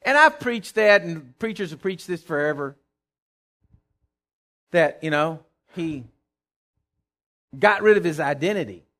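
A preacher in full sermon, his voice riding high and leaping all over its range. He is emphatic and calls out to the congregation, swinging from near-shouts down to hushed asides. The tone is bright and ringing. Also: expressive, a little slow, long pauses. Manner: emphatic, call-and-response, swings from loud to hushed. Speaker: pastor.

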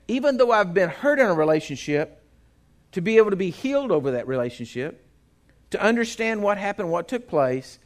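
Male pastor, preaching with jokes and asides, very lively pitch. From Texas. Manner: folksy, joking storytelling with asides to the congregation. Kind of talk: sermon.

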